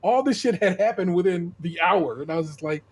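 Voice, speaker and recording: A man's voice: high-pitched, lively intonation, fairly quick, crowd noise. A middle-aged man on a podcast, casually telling a profane story and acting out the people in it. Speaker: podcast co-host.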